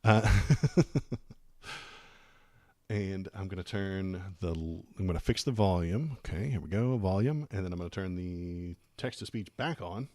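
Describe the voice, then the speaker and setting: A man's voice: sits low, normal speed, hardly any pauses, mellow, dry recording. A man hosting a live political stream, reacting in casual, rambling commentary that turns sarcastic and slips into muttered curses.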